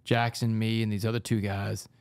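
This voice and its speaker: A man, a podcast guest, telling his story in an intense, rapid way. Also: fairly low pitch, flat delivery, a little mellow, dry recording. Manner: fast, intense storytelling with gravelly voice.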